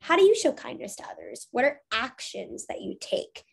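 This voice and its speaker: A woman's voice: fairly high pitch, huge pitch swings, normal speed, gravelly, husky. A woman teacher reading a storybook aloud to young students, then asking encouraging discussion questions. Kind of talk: reading aloud to children, lesson.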